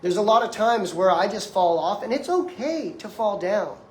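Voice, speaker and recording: A detox practitioner in his twenties lectures an audience directly, his high-pitched voice lively in intonation and moderate in pace. The motivational talk is emphatic and conversational, recorded in an echoey room with a little hiss or hum.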